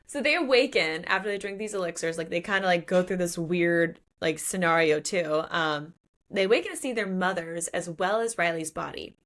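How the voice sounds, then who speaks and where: A woman's voice: lowish voice, normal speed, fairly bright tone. A woman co-hosting a book podcast, retelling a plot in casual chat and acting out the characters' lines. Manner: frequent "like" fillers. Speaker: podcast co-host.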